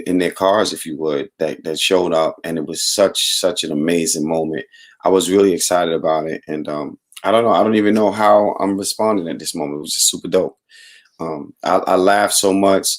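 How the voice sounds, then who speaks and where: A deep-voiced man hosts a relaxed live morning chat show, his voice rough and hoarse from overuse. He rambles cheerfully, greeting viewers one by one and chatting off the cuff. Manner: rambling, upbeat, giving shout-outs to viewers. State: hoarse, voice worn out. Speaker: host.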